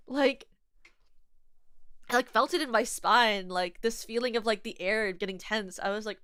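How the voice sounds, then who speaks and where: A woman's voice: fairly high pitch, moderate pace, clean tone, no echo, clean studio sound. A young woman streamer chatting casually, rambling with many filler words and restarts, and laughing as she tells stories. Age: young adult. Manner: animated, giggly storytelling. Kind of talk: casual chat.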